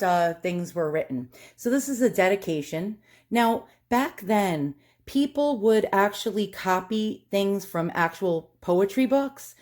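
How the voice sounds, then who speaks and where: This vlogger, a Long Island, New York native with the local accent, has a fairly low, darkish voice. Chatting casually, she rambles nervously, putting herself down and piling up fillers and false starts.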